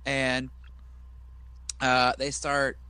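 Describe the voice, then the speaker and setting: A man's voice: mid-range voice, completely flat delivery, drawn-out words, pushed and bright, clear, resonant tone, dry recording. A man co-hosting a casual wrestling podcast, retelling a show and mimicking the people in it with silly voices. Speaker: podcast co-host. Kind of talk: casual wrestling recap chat.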